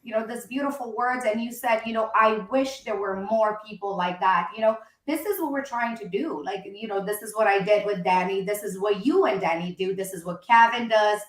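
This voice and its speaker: Animated woman host in an echoey room. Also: mid-range voice, fairly quick, few pauses. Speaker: podcast show host. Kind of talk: casual podcast chat.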